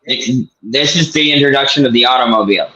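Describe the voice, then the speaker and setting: A man's voice: mid-range voice, brisk, sharp tone, roomy sound. A man co-hosting a casual sports talk show, speaking emphatically and repeating his points. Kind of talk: casual chat. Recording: dull lo-fi audio.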